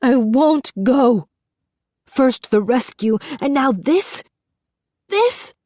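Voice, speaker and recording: A woman narrator putting on a frantic young princess from a spoken storybook, her voice leaping high into shrill, breaking cries. The tone is dark and mellow, and the room is dry. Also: animated, drawn-out words, no echo, full character voice. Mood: frantic, shrieking.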